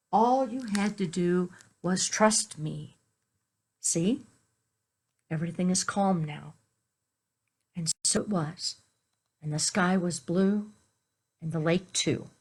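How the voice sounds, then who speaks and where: Slow, gentle woman minister preaching. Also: lowish voice, slightly rough. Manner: gentle, slow storytelling with conversational asides. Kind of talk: sermon.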